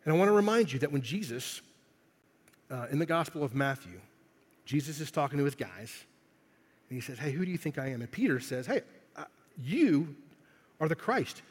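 A man preaching a sermon in a conversational, emphatic way, building to loud swells on key phrases. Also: on the high side, breathy edge. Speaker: pastor. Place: church hall. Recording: long hall reverb. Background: congregation in the room.

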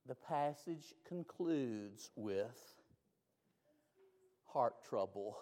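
A man's voice: medium pitch, measured pace. Man preaching in a reverberant hall. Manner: dynamic preaching, swings from loud climaxes to hushed lines. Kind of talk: sermon. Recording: long reverb of a large hall.

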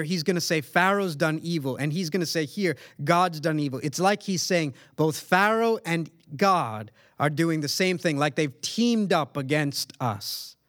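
A man preaching a sermon in an earnest, emphatic way, with dramatic pauses. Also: on the high side, lively intonation, a bit bright, no echo, clean studio sound. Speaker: pastor.

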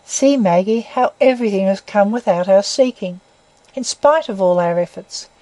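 A woman reading the part of an earnest young man who pleads with his love in a slow, deep tone. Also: dark tone, no room sound, close to an everyday voice, rough recording. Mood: pleading. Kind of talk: audiobook reading.

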